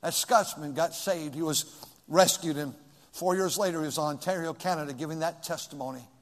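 An older man preaching a sermon, moving between hushed storytelling and shouted pleading questions. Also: fairly high pitch, a little fast. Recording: long hall reverb.

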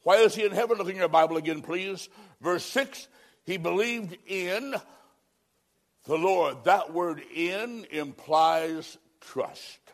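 Male evangelist, high-pitched, dramatic sermon delivery with loud peaks and quiet closes. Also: slow. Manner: dramatic, swings between loud emphasis and hushed low endings. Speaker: preacher.

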